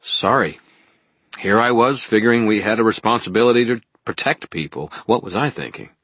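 A brash, sarcastic young wizard, put on by a man reading aloud. He pushes his lines up in a raised, heated register over a husky, dry-sounding voice. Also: on the low side, fairly quick, a bit bright, dry recording, pitched above the performer's own voice. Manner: sarcastic, defiant.

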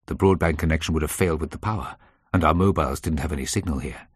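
A man narrating a story in a measured, tense way. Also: very deep voice, slightly rough, no room sound, clean studio sound. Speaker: audiobook narrator. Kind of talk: scripted narration.

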